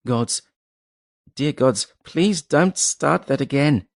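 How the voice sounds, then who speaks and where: A man's voice: a little high, lively intonation, moderate pace, vocal fry, no room sound, clean studio sound, pitched above the performer's own voice. A man reading an audiobook voices a grief-shattered sailor who screams and pleads in a breaking voice. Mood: pleading. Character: grief-shattered man, half mad with shock. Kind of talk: audiobook character voice.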